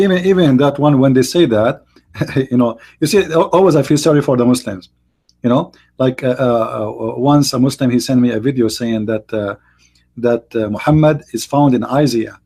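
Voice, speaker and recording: Husky man hosting a live stream. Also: medium pitch, darkish tone. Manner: halting, many fillers and restarts. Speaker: host. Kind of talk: live-stream debate talk.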